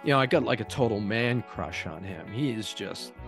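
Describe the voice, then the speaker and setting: A man's voice: lowish voice, animated, normal speed, gravelly, fairly bright tone, faint music behind. A man co-hosting a casual review chat, explaining eagerly and rambling with restarts. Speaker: podcast co-host.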